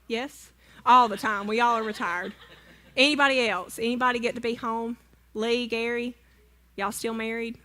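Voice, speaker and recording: A woman's voice: fairly high pitch, pushed and bright. A woman, speaking to a church congregation, telling a humorous personal story in a chatty, self-deprecating way and asking the audience questions. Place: church sanctuary.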